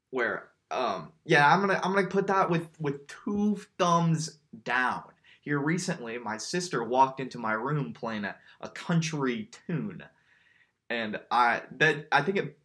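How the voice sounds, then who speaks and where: A man's voice: medium pitch, a bit bright. This man co-hosts a podcast with easy, joking chatter. He laughs freely and often trips over his words, repeating them as he goes. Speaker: podcast co-host. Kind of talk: casual chat.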